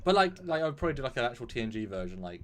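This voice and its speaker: A man's voice: medium pitch, rapid-fire. A man chatting casually as a guest on a live stream about his fan films, rambling with frequent laughs and restarts. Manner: rambling, animated, laughs often.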